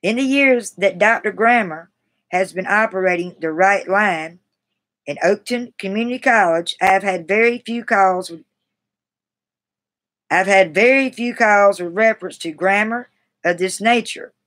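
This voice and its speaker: A woman's voice: mid-range voice, measured pace, a bit bright. A woman on a live stream reads passages from a grammar book in a mid-range voice. She halts and restarts words often and breaks off to chat with viewers in a self-deprecating way. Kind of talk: reading aloud from a grammar book with asides to chat.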